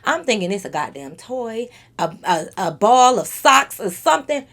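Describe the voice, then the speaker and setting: Woman vlogger doing a storytime, swears a lot, kinda high voice that jumps up and down a ton. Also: normal speed. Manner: animated, profane, talks straight to the viewers. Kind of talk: storytime monologue to camera.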